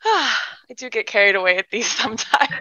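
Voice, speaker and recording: A woman's voice: a little high, lively intonation, moderate pace, sharp tone, no echo, lo-fi sound. A woman hosting a reading event who speaks in a gushing, enthusiastic way.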